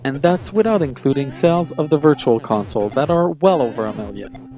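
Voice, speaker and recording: A video game reviewer from Quebec, Canada narrates a scripted countdown in a fairly quick, lively voice whose pitch swoops, with a mellow, warm tone. He sounds enthusiastic and nostalgic, talking fondly about childhood games, with faint music underneath.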